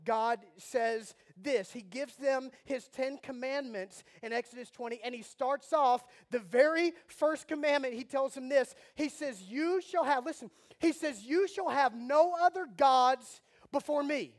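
A man, preaching a sermon with animated storytelling and mock outrage, moving from soft prayer to loud bursts. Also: extremely high pitch, a little slow, few pauses. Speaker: pastor.

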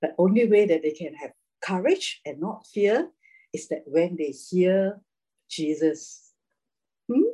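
Husky-voiced woman teaching a Bible class. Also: on the low side, sing-song, slow, dark tone, poor audio. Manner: chatty, laughs often, keeps asking "right?".

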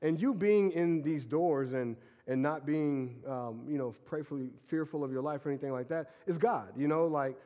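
A man who is a pastor and is sick, preaching a casual, energetic sermon full of fillers and laughs. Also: a little high, moderate pace, few pauses, in a large hall, lo-fi sound. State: sick with a stuffy nose. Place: church sanctuary.

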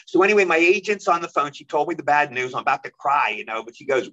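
A man telling stories as an interview guest, lively and quick, acting out the voices of the people he quotes. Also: fairly high pitch, lo-fi sound. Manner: animated, rapid storyteller who acts out quoted voices. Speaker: guest actor. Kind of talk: storytelling interview.

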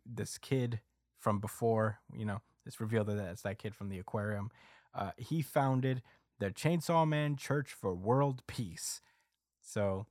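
A man with a lowish voice recaps a comic chapter for his podcast co-hosts, rambling and filling pauses with "uh" and "um." The sound is dry and close, with no room around it. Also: darkish tone, no room sound. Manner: rambling recap with many fillers, acting out quotes. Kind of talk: casual chat.

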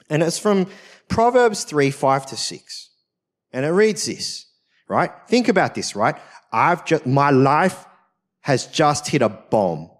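Lively pastor telling a story. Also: male voice, a little high. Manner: conversational, frequent "right?" tag questions, self-mocking. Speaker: senior pastor. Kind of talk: personal sermon storytelling. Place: church service.

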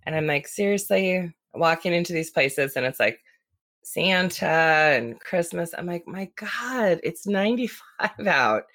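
A woman's voice: low-pitched, a bit bright. A woman co-hosting a casual podcast, chatty and loose, full of "like" and "you know". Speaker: podcast co-host, teacher.

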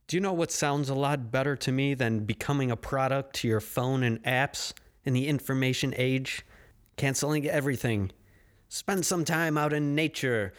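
Male solo podcast host, sarcastic and crude, rambling and caffeinated. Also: medium pitch. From United States.

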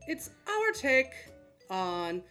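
Woman, giggly quiz host, lively pitch, faint music behind. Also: extremely slow. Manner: giggly, playful. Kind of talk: casual chat, mock game show.

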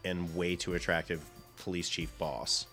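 A man's voice: low-pitched, level tone, moderate pace, bright, forceful tone, faint music behind. A young man co-hosting a casual movie review podcast, sarcastic, laughing often and hedging with ums. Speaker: podcast co-host.

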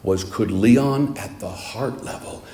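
A man preaching a sermon, telling stories in an animated way and speaking straight to his listeners. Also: lowish voice, slow pace, roomy sound.

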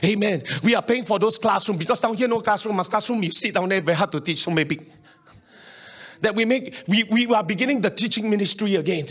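A middle-aged pastor preaches a sermon in a high-pitched, slightly bright voice at a fairly quick pace. He speaks emphatically, repeats himself and keeps calling on the congregation to respond, chuckling often between points.

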